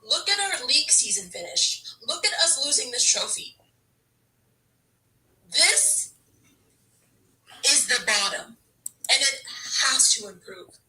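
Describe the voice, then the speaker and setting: A woman's voice: high voice, sing-song, takes it slowly, long pauses, pushed and bright, far from the mic, low-quality recording. A woman football fan ranting to camera in a frustrated, exasperated way, stammering and restarting her sentences. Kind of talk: emotional fan rant to camera.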